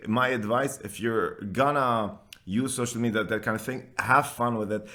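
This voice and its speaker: Male co-host, playful storyteller, casual swearing, average pitch. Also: moderate pace, bright, forceful tone. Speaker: podcast co-host. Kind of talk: casual chat.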